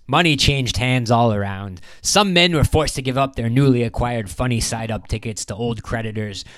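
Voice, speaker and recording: A man reading a story as a narrator, low-key and measured. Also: a bit bright, no room sound. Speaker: audiobook narrator. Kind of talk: scripted narration.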